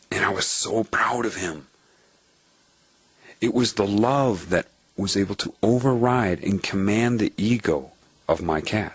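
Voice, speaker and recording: A man giving a spiritual monologue, telling a personal story in an animated way and repeating phrases for emphasis. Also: sits low, husky, no echo. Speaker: spiritual speaker. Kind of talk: lecture-style monologue.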